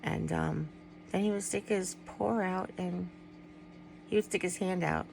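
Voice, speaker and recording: A middle-aged woman talks straight to her viewers in a loose, confiding vlog, wandering off mid-thought and circling back. Her voice has a rough, gravelly edge and sits a little low. A faint hum runs underneath. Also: fairly even intonation, unhurried, darkish tone, low-quality recording. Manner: rambling, candid, trails off and restarts. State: tearful at times. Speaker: vlogger. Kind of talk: personal vlog, talking to viewers.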